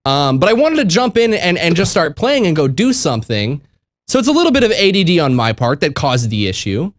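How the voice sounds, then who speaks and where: Guy hosting a call-in show, kinda high voice, fast and chatty, lots of restarts. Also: very animated, no room sound. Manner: quick, laughing, with many restarts. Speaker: host. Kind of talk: casual call-in show chat.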